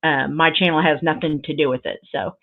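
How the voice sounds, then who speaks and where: This woman, hosting a laid-back crafting livestream, talks fairly quickly in a low, steady voice. Her chat with viewers is sentimental and effusive, full of rambling and filler words, and the audio sounds thin, like a phone.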